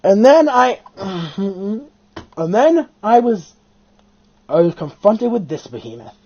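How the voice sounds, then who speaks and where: Host for a casual fan chat video: lively, sweeping voice, excitable and profane, on a dull lo-fi recording. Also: mid-range voice, slow, breathy edge. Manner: animated, excitable storytelling with frequent swearing.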